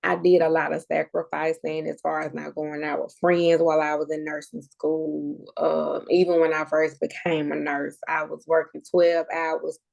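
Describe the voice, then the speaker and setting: A woman's voice: deep voice, level tone, normal speed, gravelly, few pauses, a little mellow. A woman in her thirties, a podcast guest, sharing a heartfelt personal story and talking close to tears. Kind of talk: emotional personal conversation.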